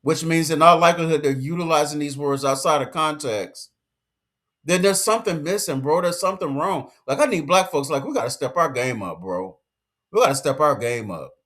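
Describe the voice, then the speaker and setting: A man's voice: a little high, animated, brisk, fairly bright tone. A man giving a casual commentary rant, emphatic and lecturing, full of slang and repeated points. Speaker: commentary vlogger.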